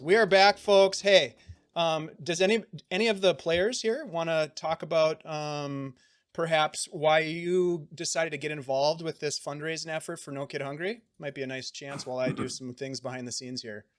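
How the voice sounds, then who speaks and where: A man's voice: on the high side, fairly even intonation, moderate pace. A man narrating as game master of a tabletop game, talking casually with many fillers and an upbeat manner.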